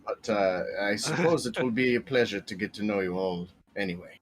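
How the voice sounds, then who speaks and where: A man voicing a stiff, formal aristocrat with a deep, measured, haughty delivery. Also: animated, faint music behind, natural voice.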